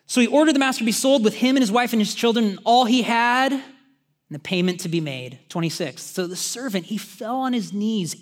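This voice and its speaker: High-voiced, animated preacher. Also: male voice, a little fast. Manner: animated, conversational preaching with asides to the congregation. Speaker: pastor. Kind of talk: sermon.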